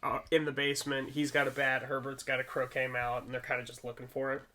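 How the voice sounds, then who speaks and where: A man chatting on a film review podcast, his voice bright and clear. He walks through the plot scene by scene in a relaxed, conversational way, slipping into quick impressions of the characters' dialogue. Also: mid-range voice. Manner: animated retelling of scenes, acting out lines. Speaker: podcast co-host. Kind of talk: casual movie review chat.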